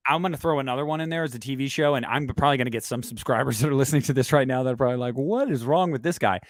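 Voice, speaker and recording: A man co-hosting a casual horror talk stream, animated and emotional, swearing now and then. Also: medium pitch, very fast, no echo. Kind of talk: casual chat.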